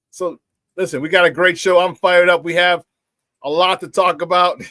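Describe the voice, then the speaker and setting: A man's voice: high-pitched, steady tone, a little slow, bright, forceful tone, no room sound. A middle-aged man hosting a live morning sports talk show, hyped and boisterous, laughing often as he reads out viewer comments.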